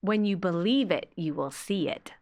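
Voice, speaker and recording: A woman's voice: fairly low pitch, normal speed, a little mellow. A woman hosting a podcast, talking in a chatty, agreeable, rambling way. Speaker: podcast host. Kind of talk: casual podcast conversation.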